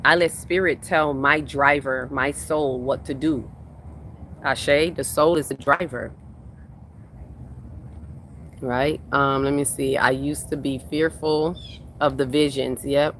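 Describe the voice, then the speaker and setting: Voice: mid-range voice, fairly even intonation, slow, long pauses, a bit bright, slight background noise. A spiritual workshop host talking casually on a livestream, reading viewers' comments aloud and repeating phrases for emphasis. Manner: reads chat comments aloud and answers them.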